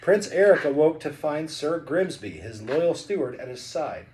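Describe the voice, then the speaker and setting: A man's voice: on the high side, sing-song, moderate pace, a little mellow, slight background noise. A man reading a picture book aloud to his child, playful and chatty between passages. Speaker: father reading a bedtime story.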